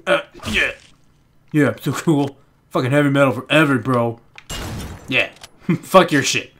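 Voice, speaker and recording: Excitable swearing young gamer guy. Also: mid-range voice, unhurried, a little hiss or hum. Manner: excitable, jittery, swears constantly, rambles. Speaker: gaming YouTuber. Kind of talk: let's play commentary.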